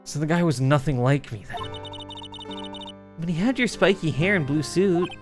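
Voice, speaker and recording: A young defense lawyer, wry and exasperated, questions everything, as a streamer voices him. His intonation rises and falls freely, with game music playing clearly behind. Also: medium pitch, huge pitch swings, measured pace. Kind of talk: reading game dialogue aloud on a live stream.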